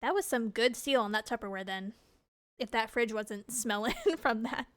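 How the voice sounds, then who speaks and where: A woman's voice: fairly high pitch, normal speed, no echo. Giggly woman streamer reading a game aloud. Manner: giggly, reacts with disgust and laughter.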